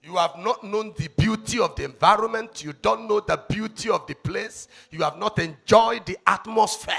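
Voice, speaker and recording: A man with a Nigerian accent preaching a sermon as an evangelist, swinging between shouted lines and low asides and asking the congregation rhetorical questions. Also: moderate pace, gravelly, soft background music.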